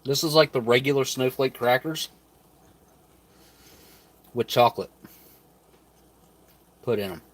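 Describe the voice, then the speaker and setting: A channel host reviews rations on a live stream, chatting casually while opening packaging and tasting food, thinking aloud and sometimes talking with his mouth full. His mid-range voice is a little slow, with long pauses.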